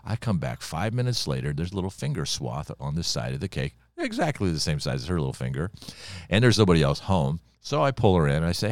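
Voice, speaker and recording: Speaking quickly in a low voice with big swings in pitch, an older pastor teaches the Bible on a podcast, with no echo in the recording. He keeps it folksy and conversational, weaving in personal stories.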